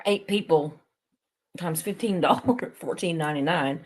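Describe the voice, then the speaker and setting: A woman's voice: sits low, normal speed, a little mellow. A woman, hosting a casual livestream, rambling chattily to her viewers and laughing often. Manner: talks to viewers reading chat. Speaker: live stream host.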